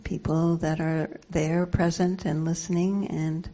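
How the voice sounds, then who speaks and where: A soft-voiced woman leading a reflective group sharing, speaking thoughtfully with many pauses and fillers, on a muffled lo-fi recording. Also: low-pitched, flat delivery. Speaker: group facilitator.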